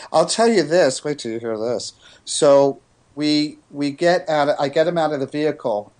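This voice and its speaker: Man from New Jersey, medium-pitched, earnest storyteller who restarts his sentences; interview guest. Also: a little mellow. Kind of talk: casual radio interview talk.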